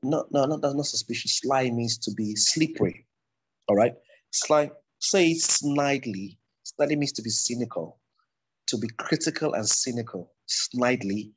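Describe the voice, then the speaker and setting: Husky Nigerian man teaching public speaking. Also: medium pitch, normal speed, low-quality recording. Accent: Nigerian English. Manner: loose, digressive explaining with restarts. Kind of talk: recorded lecture.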